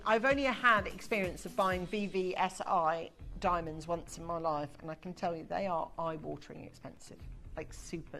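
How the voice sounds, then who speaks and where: A woman's voice: mid-range voice, a bit bright. A woman presenting on a shopping channel from a TV studio, talking in gushing, chatty sales patter.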